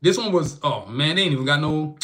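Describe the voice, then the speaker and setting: A man's voice: a little high, brisk. A man hosting a solo podcast, talking casually with slang and heated, opinionated asides. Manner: animated, slangy, opinionated rants. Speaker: podcast host. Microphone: phone camera.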